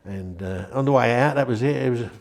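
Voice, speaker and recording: A man's voice: mid-range voice, fast, creaky. An older man, telling a rambling, chatty story in an interview and acting out the voices of the people in it. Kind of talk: anecdotal storytelling.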